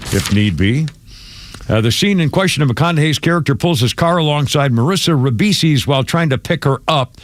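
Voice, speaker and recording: Rambling radio host, dry studio sound. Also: male voice, fairly high pitch, no echo. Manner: rambling, restarts and trails off, chuckles. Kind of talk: morning radio show chat.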